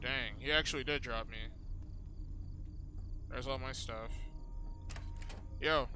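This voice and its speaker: A young man giving casual gameplay commentary, excitable and slangy, with loud yelps. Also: medium pitch, takes it slowly, noisy background. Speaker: gaming channel host.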